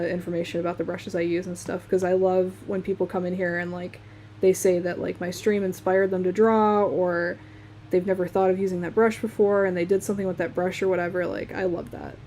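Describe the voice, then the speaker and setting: A woman's voice: on the low side, fairly even intonation, moderate pace, mellow, slight background noise. A young woman from Michigan with a Midwestern accent, chatting and laughing easily while she draws on a live stream. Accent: Midwestern American. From Michigan, USA. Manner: chatty, laughs often, talks while working. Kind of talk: casual chat while drawing on a live stream.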